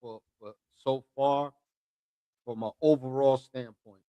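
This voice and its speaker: A man co-reviewing music on a live show, speaking in a measured, thoughtful way and stammering as he works into his points. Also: mid-range voice, fairly even intonation, warm tone, smooth, no echo, muffled recording. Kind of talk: casual live reaction chat.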